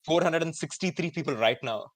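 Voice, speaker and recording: A man in his twenties with an Indian English accent, hosting a live online student event in an energetic, chatty way with many fillers. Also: on the high side, a little fast, no echo. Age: 20s. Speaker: host.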